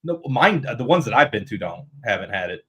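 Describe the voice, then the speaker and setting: A man's voice: medium pitch, sing-song, brisk, fairly bright tone. A man from Atlanta, a betting analyst, trading crude, laughing banter in casual podcast chat.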